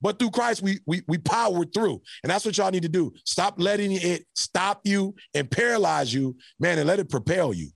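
A man telling a story as a podcast guest with preacher-like energy, building to shouts and laughing often. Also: high-pitched, expressive, normal speed, vocal fry, few pauses, dry recording, clean studio sound. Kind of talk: animated motivational storytelling.

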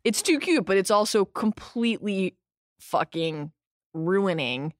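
Animated woman co-hosting a recap. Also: medium pitch, unhurried, no room sound, clean studio sound. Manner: animated, wry, swears casually. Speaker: podcast co-host. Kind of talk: casual recap chat.

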